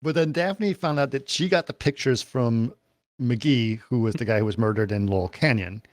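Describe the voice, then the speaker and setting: Man, podcast co-host, halting plot recap, lots of ums, mid-pitched voice, dry close sound. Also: no echo. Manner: hesitant plot recap with many fillers. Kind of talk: casual film discussion.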